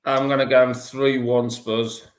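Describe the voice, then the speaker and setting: A man's voice: medium pitch, little pitch movement, unhurried, reverberant. A man co-hosting a casual football chat, giving short, laid-back predictions and teasing. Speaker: co-host.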